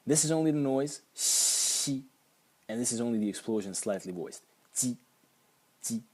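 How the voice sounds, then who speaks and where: Husky-voiced man explaining pronunciation. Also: medium pitch, animated, fast talker, mellow. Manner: patient, demonstrates sounds repeatedly. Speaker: language teacher.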